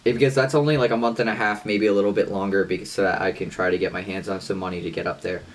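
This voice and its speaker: A young man co-hosting a podcast in casual chat, loud, boastful and swearing freely. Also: sits low, steady tone, very fast. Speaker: podcast co-host.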